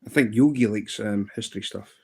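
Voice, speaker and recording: A man's voice: fairly quick, slightly rough. Rambling Scottish man in his thirties. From Scotland. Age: 30s. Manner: rambling, jumps pitch to mimic others in anecdotes. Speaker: live streamer. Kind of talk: casual livestream storytelling.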